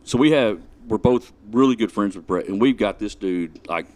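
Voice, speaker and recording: A man's voice: on the low side, moderate pace, a little mellow. A man, a podcast guest telling a story in a drawling, laid-back way, acting out both sides of a conversation. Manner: drawling, laid-back retelling with quoted dialogue. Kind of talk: casual storytelling.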